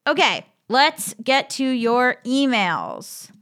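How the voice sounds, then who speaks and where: A woman's voice: high voice, sing-song, slow, fairly bright tone. A woman in her thirties hosting a podcast, chatting casually and reading listener emails aloud with amused laughs. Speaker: podcast host.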